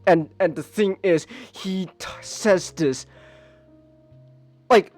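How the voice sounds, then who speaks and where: A man hosting a casual podcast, ranting in an animated, exasperated way with mocking asides. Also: sits high, takes it slowly, faint music behind. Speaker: podcast host. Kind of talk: casual chat. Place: home streaming setup.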